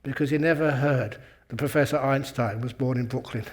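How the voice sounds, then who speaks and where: A man's voice: mid-range voice, moderate pace, heavy background noise. A man who is a Buddhist monk and meditation teacher, telling a humorous story in a talk and chuckling at his own jokes.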